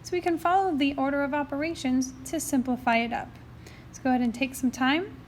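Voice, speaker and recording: A woman with a high, bright-toned voice walks through a recorded math lesson, chatty and upbeat as she explains each step. She has the hiccups, and faint background hiss sits under her voice on the tablet mic. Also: brisk. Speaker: math teacher.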